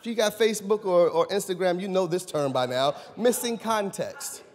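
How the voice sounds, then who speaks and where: A man pastor preaching a sermon in a church, animated and conversational, questioning his congregation. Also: high voice, moderate pace. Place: church sanctuary. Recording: long church hall reverb.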